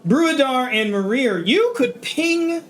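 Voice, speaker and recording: A male game master narrates a tabletop session in a chatty, animated way. His pitch moves in lively swings, and he laughs often between descriptions. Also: takes it slowly, faint music behind.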